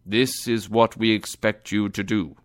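A man voicing a grave duke in a read-aloud story, measured and formal. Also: on the low side, flat delivery, close to an everyday voice. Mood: pleading.

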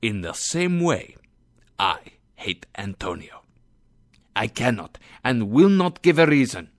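A man's voice: mid-range voice, very animated, slow pace, no echo, studio quality. A man voicing a vengeful, unyielding moneylender in a read-aloud story, stern and emphatic. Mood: defiant.

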